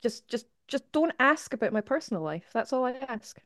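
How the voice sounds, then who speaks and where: A woman's voice: a little high, very animated, normal speed, no room sound, studio quality. A woman guest on a podcast, chatting casually and joking in a laid-back way.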